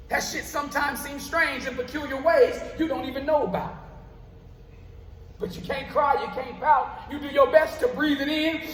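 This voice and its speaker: High-voiced man performing spoken word. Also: slight background noise. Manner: rhythmic rhyming delivery. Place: live venue stage. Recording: roomy live venue with long reverb.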